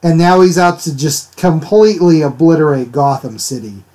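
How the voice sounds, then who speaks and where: A man's voice: a little high, normal speed, dark tone. A man chatting casually with his livestream viewers while he inks drawings, rambling and laughing as he answers them. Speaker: art livestreamer.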